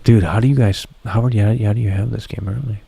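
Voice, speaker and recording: Gravelly low-voiced man streaming. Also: fairly even intonation, quick pace, dark tone, no room sound. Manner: profane, rambling, talks to chat. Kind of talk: casual livestream chat.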